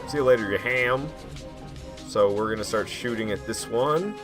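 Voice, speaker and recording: Excitable man talking over gameplay. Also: on the low side, normal speed, music in the background. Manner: excitable, self-mocking, slangy. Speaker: gaming commentator. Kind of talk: casual gameplay commentary.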